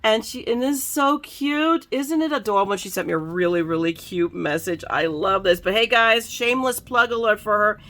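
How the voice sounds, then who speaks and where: A woman crafting vlogger chatting excitedly to viewers about the mail she got, bubbly and gushing. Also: medium pitch, moderate pace, few pauses. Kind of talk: excited casual happy-mail chat.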